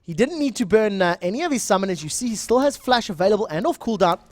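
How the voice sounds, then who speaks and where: A young man with a South African accent doing live esports play-by-play, speeding up and getting louder in the big moments. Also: high-pitched, no room sound. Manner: fast, excitable play-by-play that rises in big moments. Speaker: esports shoutcaster. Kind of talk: live game commentary.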